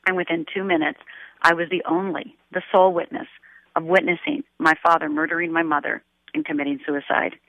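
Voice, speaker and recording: Woman, radio guest, earnest, halting, tinny phone line, dry sound. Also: low voice, level tone, gravelly, no room sound. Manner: earnest, halting with restarts, emotional retelling. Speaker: guest life coach. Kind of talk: radio interview over the phone. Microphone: telephone.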